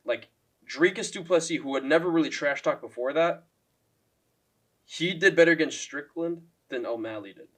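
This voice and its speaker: A man's voice: on the high side, moderate pace, a bit bright. A young man casually ranting on his MMA channel, swearing often and filling with "like" as he ranks fighters. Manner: profane, lots of "like" fillers, mocking impressions. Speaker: MMA commentary YouTuber. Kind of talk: casual ranking rant.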